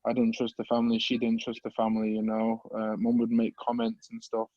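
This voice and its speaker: A man, earnestly telling his life story as a podcast guest in a halting, open and emotional way. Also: mid-range voice, completely flat delivery, mellow, dry recording, dull audio. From English Midlands. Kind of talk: personal life story in an interview.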